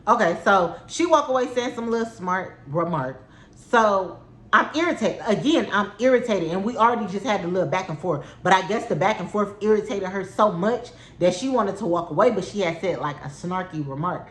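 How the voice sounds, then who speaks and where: A woman's voice: mid-range voice, fairly quick. A young woman telling a story to camera in a casual, indignant, exasperated way. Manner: animated, indignant, exasperated, frequent "like". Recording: echoey room.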